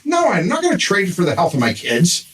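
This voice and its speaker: A man's voice: high-pitched, wildly swooping pitch, fast talker, fairly bright tone. An older man, a grandfather, telling a long exasperated story in casual podcast chat. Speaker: podcast guest. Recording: somewhat distant mic with faint noise.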